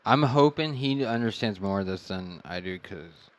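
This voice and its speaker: A man's voice: fairly low pitch, lively intonation, normal speed. A man co-hosting a casual podcast, reading trivia aloud in a laid-back way and swearing freely. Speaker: podcast co-host, son.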